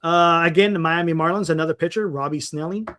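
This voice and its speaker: This is a man with a fairly high voice, hosting a casual sports talk livestream. He rambles and thinks out loud, trailing off and restarting as he reads names off a list. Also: quick pace, a little hiss or hum. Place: home livestream setup. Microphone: desktop mic on a live stream.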